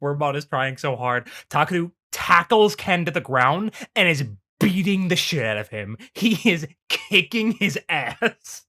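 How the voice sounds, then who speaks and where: A man co-hosting a podcast, excitedly retelling scenes in casual chat, swearing often and leaning on "like" as filler. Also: on the high side, a little slow, hardly any pauses. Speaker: podcast co-host.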